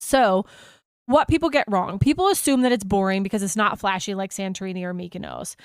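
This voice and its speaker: A woman's voice: mid-range voice, fairly quick, clean tone, no room sound, clean studio sound. An American woman hosting a travel podcast, telling an enthusiastic, gushing story in a casual chat.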